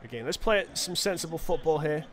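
A man, casually and excitably commentating his own football video game. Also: fairly high pitch, brisk. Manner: excitable, chatty, self-correcting. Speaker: gaming commentator.

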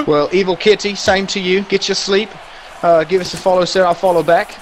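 A young man streaming a car soccer game, chatting casually with crude jokes and shouting at plays. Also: high-pitched, normal speed, slight background noise, poor audio.

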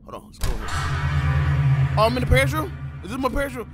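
A man giving loud, excitable commentary while playing a horror game, full of slang and yelling at jump scares. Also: extremely high pitch, fast, over music. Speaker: gamer.

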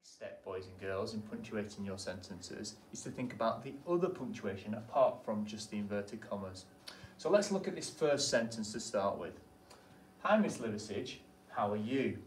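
A man's voice: lowish voice, expressive, normal speed, recorded from a distance. A primary school teacher explains the lesson patiently, posing questions to the children and answering them himself. He sits some way from the microphone, so his voice carries the echo of a bare room. A faint hiss runs underneath.

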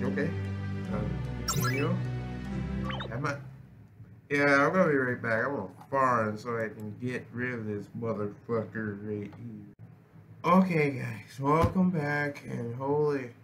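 Profane young man over game music. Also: mid-range voice. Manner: profane, rambling, restarts often. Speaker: gameplay commentator. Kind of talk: casual gameplay commentary. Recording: game music playing behind voice.

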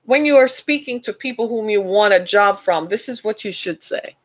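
A woman's voice: medium pitch, lively intonation, normal speed, low-quality recording. A woman giving an emphatic, preacher-like motivational talk to her listeners, calling them "y'all.". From United States. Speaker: speaker addressing listeners.

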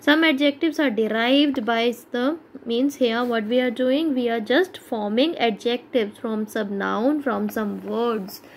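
Slow, patient Indian English woman teacher. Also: a little high, a little hiss or hum, rough recording. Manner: slow, explaining step by step, asking checking questions. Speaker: school teacher. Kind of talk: grammar lesson for schoolchildren.

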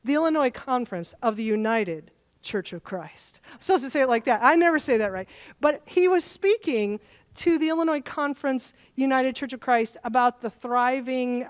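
A woman pastor preaching a sermon in a church, telling stories and acting out the dialogue in them. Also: sits high. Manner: animated storytelling, acting out dialogue. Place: church sanctuary.

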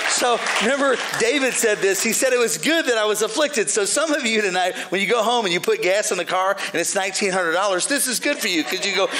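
A male pastor preaching a sermon with jokes, swinging between shouted praise lines and quiet, dry asides to the congregation. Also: high voice, expressive, fast, hardly any pauses, crowd noise, background noise.

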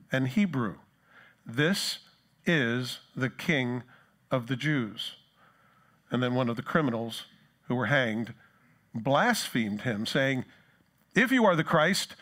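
A man's voice: medium pitch, fairly bright tone. Man preaching a conversational sermon. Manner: conversational preaching, acts out mocking voices of the crowd. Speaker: pastor.

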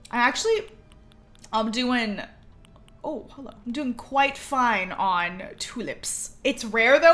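A young woman with a high, bright voice chats through a game stream, unhurried but swooping up and down as she gushes and giggles. Soft game music plays faintly behind her. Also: big pitch swings. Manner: giddy, gushing, giggles often. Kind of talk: casual live-stream chatter while gaming.

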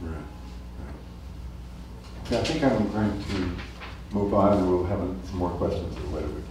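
A man giving a public lecture in a measured, explanatory way, illustrating points with small anecdotes. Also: low voice, background noise. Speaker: guest lecturer. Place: lecture hall. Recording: echoey hall, mic from a distance.

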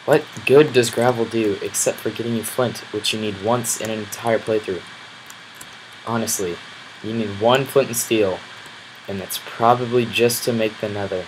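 A man giving casual commentary over his own gameplay, grumbling and bursting into loud exclamations when enemies attack. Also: fairly low pitch, steady tone, normal speed, slight background noise, poor audio. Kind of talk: casual let's-play commentary.

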